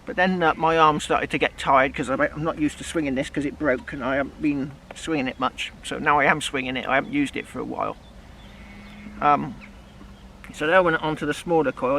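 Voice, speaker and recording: Brief: West Country man vlogging outdoors, rambling and chatty, slightly high, bright tone, faint background noise. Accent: West Country English. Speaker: metal detecting vlogger. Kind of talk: casual outdoor vlog. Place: outdoors in a field, then a pub.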